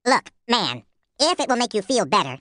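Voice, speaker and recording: A woman voicing a proud male tiger in a children's story, speaking slowly and emphatically. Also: a little high, big pitch swings, sharp tone, no echo, clean studio sound. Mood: impatient. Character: mighty proud male tiger, impatient then desperate.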